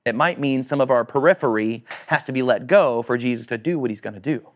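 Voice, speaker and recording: A man preaching a sermon to a congregation, animated, acting out quoted voices and asking questions. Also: mid-range voice, a little fast. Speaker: pastor.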